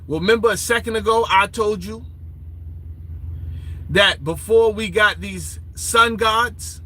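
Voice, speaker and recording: A man's voice: high voice, measured pace, bright, forceful tone, poor audio. A man giving a profane, ranting lecture, taunting and quizzing his listeners in a confrontational way. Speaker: online lecturer.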